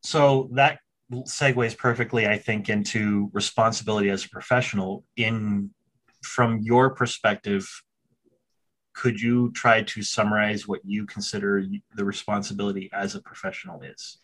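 A male podcast host with a somewhat low voice. He interviews a guest candidly, reflects openly on his own reactions, and pauses with hesitant fillers as he frames his questions. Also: fairly bright tone.

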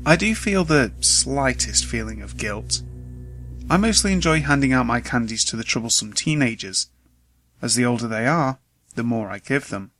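A man with a mid-range voice reads a scripted horror story told in the first person, keeping a steady, measured pace. Faint music plays behind him, and the recording is rough.

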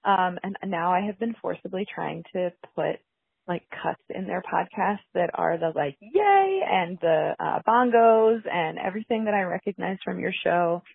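A woman's voice: on the low side, animated, normal speed, gravelly, slightly rough, dry recording. A woman in her thirties, a special ed teacher, leaving a chatty, upbeat voicemail full of ums. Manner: chatty, upbeat, filler-heavy. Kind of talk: casual voicemail. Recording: dry tinny phone line.

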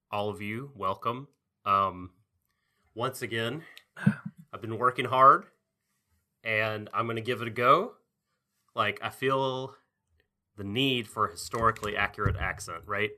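A podcast co-host man with a low-set voice and a very bright, hard edge. He speaks in a measured, deliberate way with easy chuckles. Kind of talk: casual podcast chat.

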